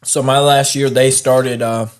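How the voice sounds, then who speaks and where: A man's voice: medium pitch, level tone, a little slow. A young man joking around and laughing in a casual podcast chat. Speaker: podcast co-host.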